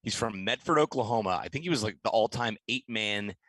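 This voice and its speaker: A man's voice: lowish voice, lively intonation, brisk, a bit bright, dry recording. A man co-hosting a sports radio show, reminiscing in an easygoing, casual chat.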